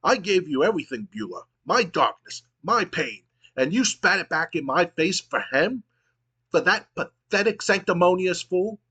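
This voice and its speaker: A man voicing a dark, theatrical male wrestling cult leader who delivers menacing speeches. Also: a little high, expressive, moderate pace. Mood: bitter.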